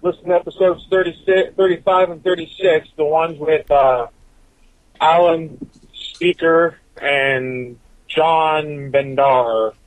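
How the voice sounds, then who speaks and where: A man's voice: fairly high pitch, fairly even intonation, slow, no echo, poor audio. A man giving a profane, rambling rant as a listener's recorded message to a podcast, swearing constantly and drifting from point to point.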